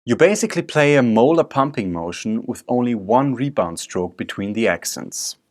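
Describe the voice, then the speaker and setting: A man's voice: medium pitch, lively intonation, moderate pace, heavy background noise. A man teaching a drum technique lesson, explaining step by step while he demonstrates. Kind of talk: instructional video lesson. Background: drum strokes and music.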